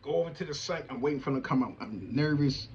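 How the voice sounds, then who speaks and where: A middle-aged man giving an animated, emphatic personal testimony to an audience in casual vernacular. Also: medium pitch, quick pace, highs cut off, slight background noise. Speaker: veterans' advocate hosting a show.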